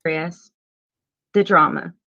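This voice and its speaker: A woman's voice: deep voice, fairly even intonation, takes it slowly, gravelly, pushed and bright, dry recording. A woman talking earnestly on a livestream, hesitant and self-justifying. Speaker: streamer in a played clip. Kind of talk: livestream talk. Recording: dry, dull lo-fi stream clip.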